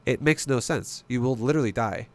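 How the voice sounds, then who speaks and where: A man's voice: mid-range voice, a little fast. A man streaming and coaching a strategy game, talking bluntly and emphatically, swearing freely and firing off rhetorical questions.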